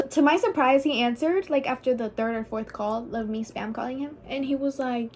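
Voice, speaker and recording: A woman's voice: sits high, moderate pace, a little mellow, a little hiss or hum. A young woman vlogger telling a personal story in a chatty, casual way, swearing freely and saying "like" a lot. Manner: chatty and profane, heavy use of "like".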